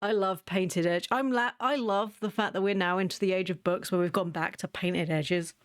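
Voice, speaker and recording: A woman's voice: fairly low pitch, fairly even intonation, normal speed, no echo, clean studio sound. A woman streaming a game, chatting casually with viewers in a giggly, self-mocking way.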